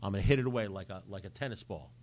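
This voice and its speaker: Man, middle-aged, low voice, recovery-share storyteller who acts out both sides of conversations. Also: rapid-fire, a little mellow. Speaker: recovery speaker. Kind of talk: recovery talk to a group.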